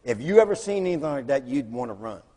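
Guy preaching, raspy, big hall echo. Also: medium pitch, fast talker. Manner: animated storyteller, acts out voices in quotes. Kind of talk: storytelling sermon. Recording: long hall reverb.

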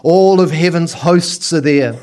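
A man preaching a sermon as pastor, telling lively stories and acting out little scenes. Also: a little high, unhurried.

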